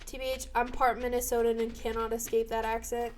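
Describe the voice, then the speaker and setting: A young woman live-streaming while she plays a game. She chats casually, swears freely, and bursts into loud shouts. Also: fairly high pitch, monotone, brisk, slight background noise, low-quality recording.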